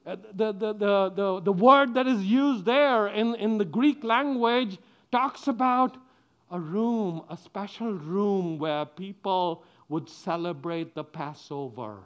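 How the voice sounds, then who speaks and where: A man's voice: sits high, takes it slowly, a bit bright, clear, resonant tone, lo-fi sound. A middle-aged man giving a children's sermon, telling the story with animation and asking the children questions. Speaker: preacher.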